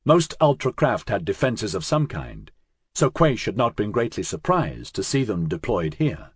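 A man reading a science-fiction audiobook in a measured, dramatic narration. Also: fairly low pitch, very animated, slightly rough, no room sound, studio quality.

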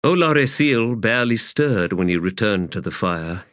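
A man reading fantasy fiction as an audiobook narrator, in a measured, expressive way. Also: lowish voice, dry recording, studio quality.

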